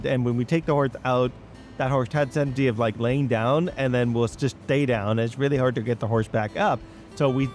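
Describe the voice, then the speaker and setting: This gaming channel host has a mid-range, somewhat dark voice. He talks casually to his audience over train-simulator gameplay, wandering off into long, rambling stories.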